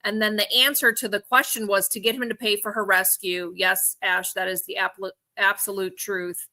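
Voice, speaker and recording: Woman, live-stream co-host, matter-of-fact, crisp bright tone. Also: medium pitch, little pitch movement, normal speed. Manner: matter-of-fact, reads out screenshots and texts. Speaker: co-host and auction seller. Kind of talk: live-stream talk walking through a timeline.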